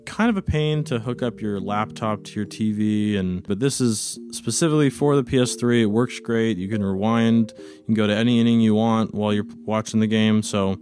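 A man's voice: fairly low pitch, normal speed, a little mellow, soft background music. A man co-hosting a podcast, reading the news in easygoing casual chat. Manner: easygoing, chuckling. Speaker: podcast co-host.

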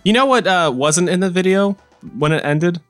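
A man co-hosting a casual podcast about his webcomic, talking in an animated, joking way. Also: sits high, clear, resonant tone, faint music behind. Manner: animated, joking, quick to laugh. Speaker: podcast co-host and webcomic creator.

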